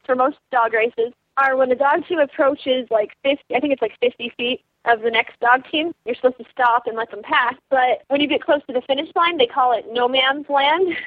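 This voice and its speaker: High-voiced teen girl on a phone line. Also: no room sound. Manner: animated, full of "like" and quoted thoughts. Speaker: dog sled racer, interview guest. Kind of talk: storytelling over the phone.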